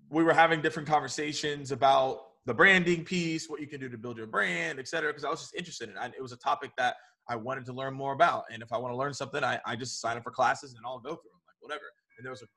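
Bright-voiced man telling his story. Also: medium pitch, fast. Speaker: guest. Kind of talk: conversational interview.

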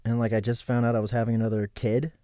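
A man in his thirties, guesting on a casual podcast, tells a long story, swearing often and acting out everyone's lines. His medium-pitched voice is level, fast and dark in tone. A close, dry mic leaves no room sound.

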